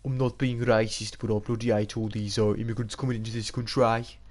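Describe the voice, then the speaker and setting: A man's voice: fairly low pitch, flat delivery, brisk, a little mellow, close to an everyday voice. A man putting on a grumbling Birmingham bloke. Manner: blunt, complaining. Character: grumbling bigoted Birmingham man, middle-aged.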